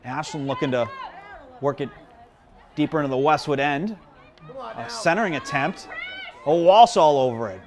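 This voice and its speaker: A man doing live play-by-play commentary at a high school field hockey game, chatty and self-deprecating, joking with the viewers between plays. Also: normal speed, long pauses. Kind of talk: live local sports commentary. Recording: crowd noise behind.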